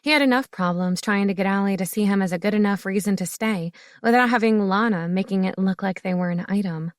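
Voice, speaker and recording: A woman reading an audiobook narration in a steady, expressive way. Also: mid-range voice, a little fast, no room sound, studio quality. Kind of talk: scripted narration.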